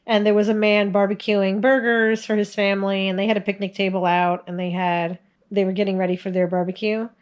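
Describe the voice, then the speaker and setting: With a medium-pitched, somewhat dark voice, a video host in her forties chats casually to the camera about her family, laughing often along the way.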